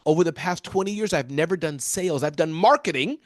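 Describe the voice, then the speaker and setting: American guy, pretty high voice, super animated and excited, dry close sound. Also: a little fast, dry recording. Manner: energetic, animated, often addresses the interviewer by name. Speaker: keynote speaker and interview guest. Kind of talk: conversational interview answers.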